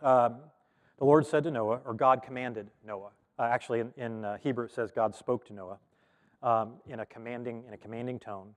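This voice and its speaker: A man's voice: mid-range voice, steady tone, normal speed. A man, a pastor, teaching a Bible study in a loose, conversational way, full of ums and self-corrections. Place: church hall. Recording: long reverb of a large hall.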